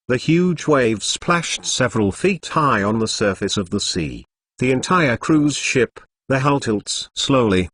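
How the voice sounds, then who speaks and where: A man's voice: mid-range voice, a bit bright, no echo, clean studio sound. Synthetic male audiobook narrator, stilted cadence. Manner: reads punctuation marks aloud in a stilted machine cadence.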